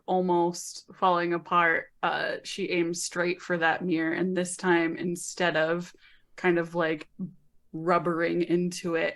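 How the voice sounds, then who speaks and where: Woman player, gravelly and lowish, calm telling of the action. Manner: thoughtful, unhurried description with fillers. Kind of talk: describing actions in a tabletop game.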